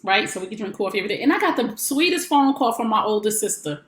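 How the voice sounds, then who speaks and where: A woman's voice: mid-range voice, lively intonation, quick pace, a bit bright. Emphatic woman coach in an echoey room. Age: 40s. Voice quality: emphatic, repetitive, preacherly. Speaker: life coach and show host. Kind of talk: motivational broadcast talk. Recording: roomy echo.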